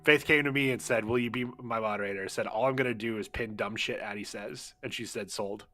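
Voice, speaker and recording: A man's voice: fairly low pitch, quick pace, pushed and bright, faint music behind. A man streaming a video game, making irreverent jokes and swearing freely in casual commentary. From United States.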